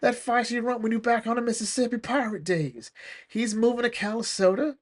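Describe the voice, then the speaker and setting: A man's voice: very high voice, fairly even intonation, fairly quick, voice pushed up. A man voicing a scheming, resentful crook with a sneer.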